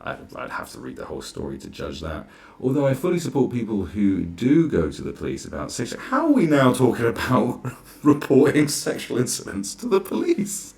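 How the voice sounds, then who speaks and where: A man's voice: medium pitch, huge pitch swings, a little fast, gravelly, darkish tone. A man ranting sarcastically through a reaction commentary, exasperated and swearing freely. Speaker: commentary vlogger.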